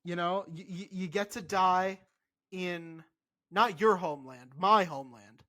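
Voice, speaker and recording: Animated, insistent man podcast co-host. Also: high-pitched, unhurried. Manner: animated, insistent, swears freely. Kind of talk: casual podcast chat.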